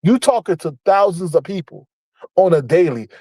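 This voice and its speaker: High-voiced man ranting bluntly. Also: animated, moderate pace, dark tone, husky, no echo, rough recording. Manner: blunt, profane, repeats points for emphasis; scolding, mocking. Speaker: online commentator. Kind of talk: ranting commentary.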